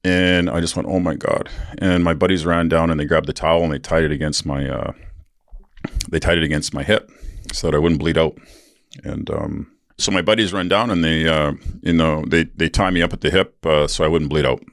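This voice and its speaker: A man with an extremely deep, low voice tells a rambling, profane story on his podcast, full of fillers. The sound is dry and close, with no room around it. He jumps into raised voices when he acts out what other people said. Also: steady tone, a little fast, no room sound. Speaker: podcast host. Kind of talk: casual storytelling.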